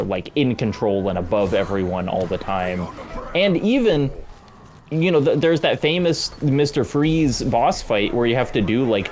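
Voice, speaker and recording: A man's voice: mid-range voice, darkish tone, slight background noise. A man casually chatting about video games as a guest, thinking aloud with many restarts. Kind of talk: casual gameplay commentary.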